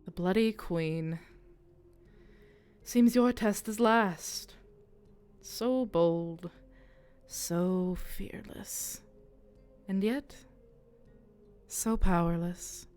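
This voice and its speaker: A woman voicing a scornful female sand spirit who rises from the desert and taunts the heroes in a slow, mocking, drawn-out way. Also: lowish voice, darkish tone, smooth, soft background music.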